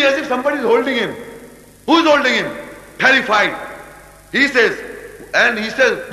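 A man teaching a scripture commentary with animated explanations, breaking into rapid chanted recitation, in an echoey hall. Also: sits high. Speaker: religious teacher.

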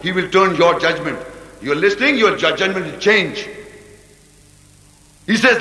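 A man teaching a scripture commentary with animated explanations, breaking into rapid chanted recitation, in an echoey hall. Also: high-pitched. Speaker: religious teacher.

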